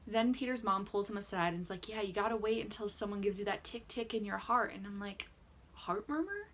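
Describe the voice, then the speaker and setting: A woman's voice: mid-range voice, fairly even intonation, quick pace, a bit bright. Chatty sarcastic young woman vlogger. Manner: chatty, sarcastic, lots of "like" fillers. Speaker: vlogger recapping a reality dating show. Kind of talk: casual reaction vlog. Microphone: camera mic with ring light, indoors.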